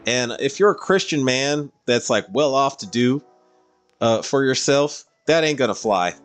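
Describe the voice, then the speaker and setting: A man's voice: medium pitch, expressive, a little slow, smooth, soft background music. A man streaming a game and casually chatting through viewer comments in a rambling way. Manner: rambling, with frequent fillers and laughs. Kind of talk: casual livestream chat, reading viewer comments.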